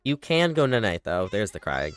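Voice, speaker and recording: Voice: low voice, big pitch swings, normal speed, no room sound. A livestreamer giving casual running commentary on a game, chattily bossing the characters around. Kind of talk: casual live gameplay commentary.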